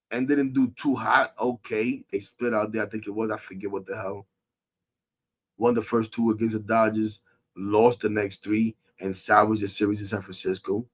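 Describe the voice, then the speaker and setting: A man, hosting a sports podcast as a casual rant. He is frustrated and animated, swinging from loud outbursts to muttering. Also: on the low side, moderate pace, highs cut off.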